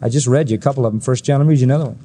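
Male preacher, sermon delivery, emphatic, rhetorical questions, big pitch swings. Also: racing, warm tone. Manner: emphatic, asks the audience rhetorical questions, swings between high and low pitch.

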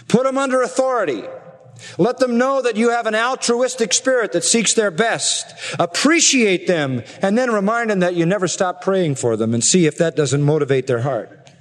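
A man preaching an expository sermon earnestly, slowing down and rising in pitch to stress his points. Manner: earnest preaching, slows and rises for emphasis. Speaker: pastor. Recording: long reverb of a large hall.

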